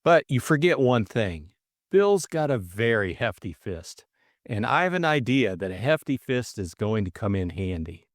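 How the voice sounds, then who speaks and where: A man's voice: mid-range voice, sing-song, a little slow, dry recording, studio quality. A man voicing a breezy, chummy young upper-class Englishman in an audiobook drama, talking in a chatty, confiding way. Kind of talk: audiobook character voice.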